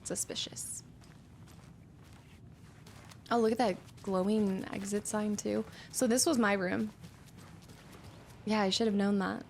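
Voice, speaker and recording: A woman's voice: mid-range voice, fairly even intonation, moderate pace, creaky, slight background noise. A young woman streaming a game, musing aloud as she explores and reading notes under her breath. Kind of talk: let's-play commentary.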